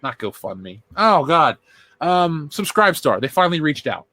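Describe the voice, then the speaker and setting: Lively, joking male podcast host. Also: fairly high pitch, a little slow, no room sound. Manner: loose, joking, swears freely. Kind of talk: casual chat.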